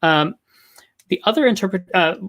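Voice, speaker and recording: A man's voice: high voice, animated, fairly bright tone. Man giving an academic lecture. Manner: measured, explanatory, frequent ums and uhs. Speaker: linguistics lecturer.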